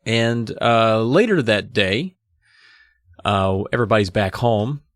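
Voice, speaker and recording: A man's voice: on the low side, slow, dry recording, studio quality. Casual man hosting a book chat. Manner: reads excerpts aloud, lively voices for characters. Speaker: podcast host. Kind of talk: casual book discussion podcast.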